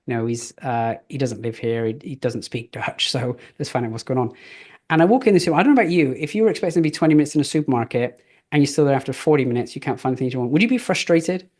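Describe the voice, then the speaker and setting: A man's voice: medium pitch, rapid-fire, darkish tone. A middle-aged man giving a live business coaching session, casual and chatty, telling stories with fillers. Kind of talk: live training talk.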